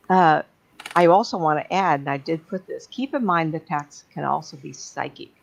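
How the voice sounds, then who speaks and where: A woman's voice: deep voice, normal speed, creaky, slight background noise. A woman speaking as a psychic medium, giving a blunt, plain-spoken talk to an audience. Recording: dull lo-fi sound.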